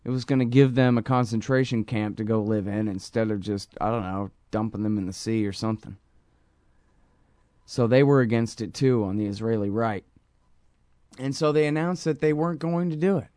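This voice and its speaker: Smooth-voiced man riffing on news. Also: mid-range voice, normal speed, dark tone, no echo, clean studio sound. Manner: casual, rambling, many fillers; reads quotes aloud. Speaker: news show host. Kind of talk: political news commentary.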